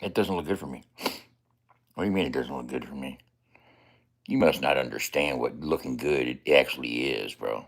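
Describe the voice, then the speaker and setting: A man's voice: a bass voice, moderate pace, gravelly, long pauses. A man in casual, profane chat who laughs and coughs between lines and walks the viewer through his screen step by step.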